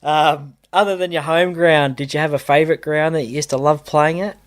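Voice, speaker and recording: An Australian man hosting a podcast interview, asking questions in a relaxed, casual way and laughing along. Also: a little high, brisk. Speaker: podcast host.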